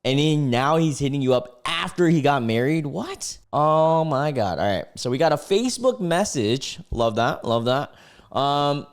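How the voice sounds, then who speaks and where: Young man, casual reaction commentary, slangy, laughing, lively up-and-down voice. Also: fairly high pitch, moderate pace, few pauses. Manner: laid-back, slangy, often laughing and exclaiming. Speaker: reaction video host.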